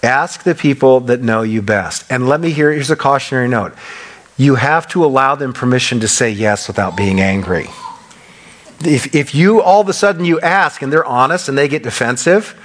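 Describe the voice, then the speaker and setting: A middle-aged male pastor preaching a sermon, repeating key phrases and swinging between loud, emphatic bursts and quieter asides. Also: medium pitch, normal speed. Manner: loud when passionate.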